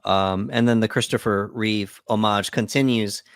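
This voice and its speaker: A man's voice: lowish voice, steady tone, normal speed, clean tone, no room sound, clean studio sound. A man co-hosting a podcast, casually recapping film scenes and acting out quotes. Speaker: podcast co-host. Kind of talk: casual movie breakdown chat.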